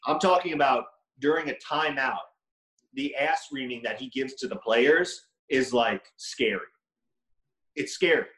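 A man's voice: medium pitch, a little slow, a bit bright. Young guy on a podcast, casual and argumentative, curses a lot, roomy echo. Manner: blunt, profane, argumentative. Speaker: podcast co-host. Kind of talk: casual chat. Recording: echoey room.

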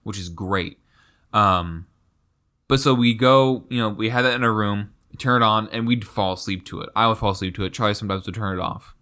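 Young male co-host, low pitch with a bright, forward tone, rambling and relaxed. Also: fairly quick. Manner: rambling, laid-back storytelling with fillers. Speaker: podcast co-host. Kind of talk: casual chat.

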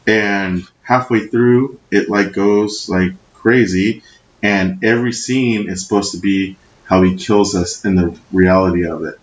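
Brief: lowish-voiced man spinning crude stories, echoey lo-fi room. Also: unhurried. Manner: profane, animated storyteller, shouts when quoting himself. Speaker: podcast co-host. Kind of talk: casual chat, storytelling. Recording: echoey room, dull lo-fi sound.

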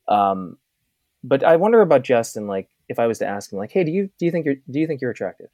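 A man in casual conversation, thoughtful and searching for words, often restarting his sentences. His voice sits at a middle pitch and is recorded dry, with no room sound. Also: big pitch swings, warm tone, dry recording. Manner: reflective, halting with many restarts. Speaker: podcast guest, author.

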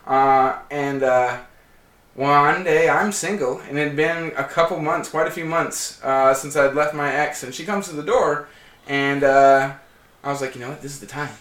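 A man with a slightly high voice, speaking at a normal pace, is a guest in a casual conversation. He tells a long story with animation, acting out the quotes along the way. The room is echoey and the mic sits at a distance.

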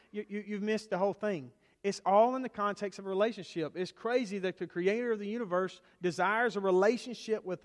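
A man with a high voice preaches a sermon in a church sanctuary. He moves from loud, stressed lines to hushed near-whispers and back. The sound rings with a long hall reverb. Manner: preaching with dramatic swings from loud to hushed, acting out quoted voices. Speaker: pastor.

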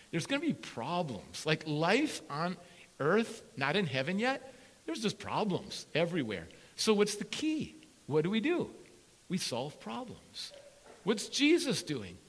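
A man preaching a sermon as a pastor, energetic and playful, repeating punch words for emphasis. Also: on the high side, in a large hall. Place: church sanctuary with congregation.

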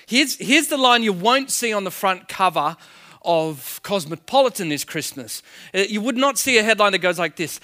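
A man's voice: high-pitched, animated, unhurried, bright, forceful tone. A man preaching a sermon in a conversational way, full of rhetorical questions. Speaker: pastor.

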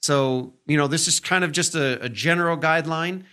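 A man hosting a podcast, giving a casual teaching talk on respect, with lots of fillers and "right?" check-ins and quick acted-out examples of tone. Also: fairly high pitch, bright, forceful tone. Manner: acts out tones in short quoted examples. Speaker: podcast host.

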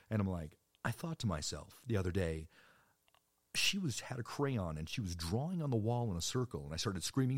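A man's voice: fast, creaky, breathy edge, dry recording. A man in his thirties telling rambling personal stories in a casual way, jumping into voices for other people. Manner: rambling and animated, jumps into high-pitched voices for other people. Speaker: storyteller.

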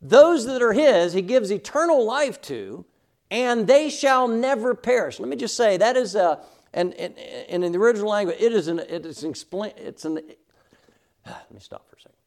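Lively, high-pitched man teaching Sunday school. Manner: emphatic, asks the class "all right?" often, reads verses slowly. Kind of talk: Bible teaching to a class.

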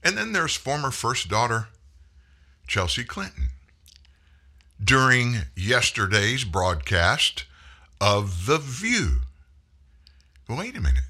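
A man's voice: mid-range voice, wildly swooping pitch, slow, long pauses, sharp tone, breathy edge. A man hosting a political commentary show, delivering an opinionated monologue with mocking, folksy asides.

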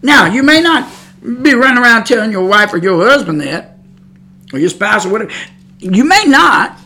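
A woman's voice: fairly high pitch, sing-song, moderate pace, sharp tone. A woman preaching on a podcast, emphatic and scolding, repeating her points. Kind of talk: preaching monologue.

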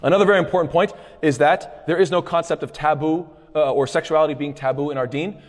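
A man teaching a lecture on hadith, conversational and quick, with frequent restarts and phrases mixed in. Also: a little high, steady tone. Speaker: Islamic studies teacher. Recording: long hall reverb.

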